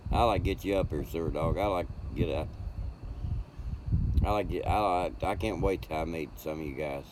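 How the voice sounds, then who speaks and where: An older man, chatting casually and rambling warmly with viewers on his home livestream. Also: low voice, normal speed, background noise. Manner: folksy, rambling, greets chat by name. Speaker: livestream host.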